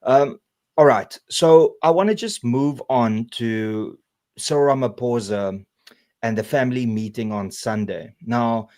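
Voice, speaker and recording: A man hosting a live political stream, reading out super chats and moderating the panel in a relaxed, hesitant way with lots of fillers. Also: medium pitch, unhurried. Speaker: host.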